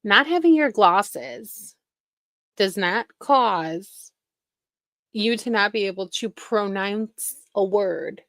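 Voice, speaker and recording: Woman host, slow gravelly delivery, sarcastic and laughing, dry close sound. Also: mid-range voice, animated, a bit bright, dry recording. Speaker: reaction streamer host. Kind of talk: mocking reaction commentary.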